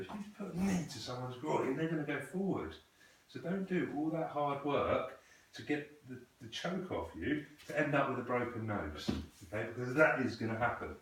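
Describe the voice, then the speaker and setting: A man's voice: mid-range voice, a bit bright, slight background noise. A man teaching a student krav maga, patiently correcting technique and asking questions in a training hall. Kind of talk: coaching a student in a class. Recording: echoey room, voice from a distance.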